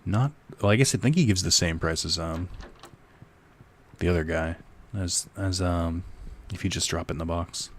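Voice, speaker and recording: A man's voice: deep voice, moderate pace, a little hiss or hum. A young man giving casual let's-play commentary, rambling and joking with profane asides. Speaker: gaming streamer.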